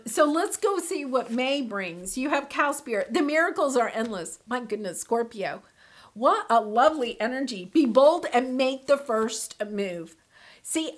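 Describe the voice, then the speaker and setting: A woman giving a casual tarot reading, effusive and excitable, full of fillers and with bursts of laughter. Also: fairly high pitch. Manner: breaks into laughter. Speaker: tarot card reader.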